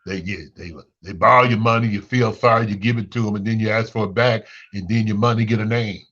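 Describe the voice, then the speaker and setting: A blunt, sassy male talk host from Chicago rants straight to his listeners, his voice leaping high whenever he is fed up. His tone is bright and forceful throughout. The recording is dull and lo-fi. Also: steady tone, fast. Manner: blunt, sassy, swings pitch up when exasperated. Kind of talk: unscripted monologue rant.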